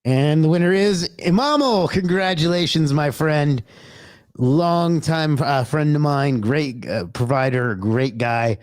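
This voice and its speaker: Speaking slowly in a slightly high voice, a man runs a casual livestream in a dry recording. He welcomes viewers by name and rambles easily, swearing occasionally and carrying on with himself between remarks.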